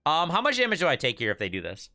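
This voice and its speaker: A man's voice: on the high side, huge pitch swings, rapid-fire, pushed and bright, dry recording, clean studio sound. A young man with a Michigan accent, chatting casually to his stream while playing a card game, often stammering and repeating words. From Michigan, USA. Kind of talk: casual gameplay streaming chat.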